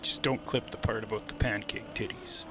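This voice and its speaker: A male livestream host telling a story casually on his stream, animated and laughing as he acts out quotes. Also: fairly low pitch, moderate pace. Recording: steady background noise.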